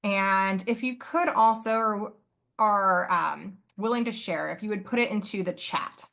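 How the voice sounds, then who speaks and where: A woman professor presents live over a video call, her voice bright and forceful. She explains earnestly, pausing on fillers and correcting herself as she goes. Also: medium pitch, vocal fry. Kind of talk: live online conference presentation.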